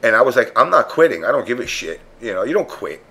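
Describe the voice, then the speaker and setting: A man of ordinary pitch chats on a podcast panel. He is blunt and profane, and he acts out the other people's lines as he tells his story. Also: very animated, quick pace, sharp tone. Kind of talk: casual chat storytelling.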